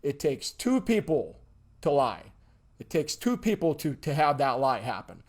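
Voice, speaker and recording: A man's voice: a little high, a little slow. A man teaching a livestream lesson in an emphatic way, acting out examples and checking in with his audience after nearly every point. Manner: emphatic, keeps checking in with "okay?" and "all right?"; animated, acts out examples. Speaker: instructor.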